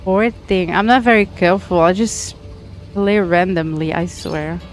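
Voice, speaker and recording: A woman's voice: lowish voice, measured pace, soft background music. A woman from France with a French accent, chatting casually with her viewers during a game stream, giggly and talkative as she greets people by name. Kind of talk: casual live-stream chat while gaming.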